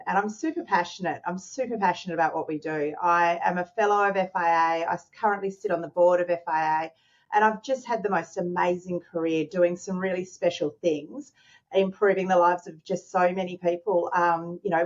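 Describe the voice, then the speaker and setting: A middle-aged woman with an Australian accent, a charity chief, chatting warmly as an interview guest over a video call. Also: fairly low pitch, fairly even intonation, fairly quick, highs cut off. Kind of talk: casual interview.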